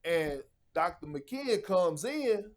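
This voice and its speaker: A man guesting on a podcast, telling locker-room stories in a casual, animated and profane way, often acting out what others said. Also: high voice, slow pace. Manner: animated, profane, acts out quotes. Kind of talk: casual storytelling.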